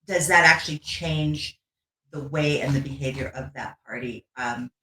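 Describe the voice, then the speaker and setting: A panelist in a political discussion, speaking hesitantly with many pauses. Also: mid-range voice, sharp tone. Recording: echoey room with faint noise.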